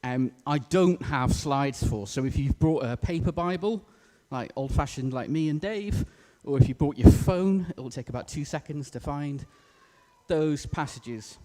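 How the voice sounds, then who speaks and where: A man's voice: on the high side, measured pace, mellow. A man preaching a sermon in a church, casual and self-deprecating with plenty of fillers. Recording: echoey church hall.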